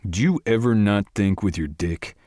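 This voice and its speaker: A male narrator playing a dry, sarcastic young man in a low voice. He mutters his cutting asides, close to the mic in a dry studio. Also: normal speed, dark tone, no echo, lightly acted.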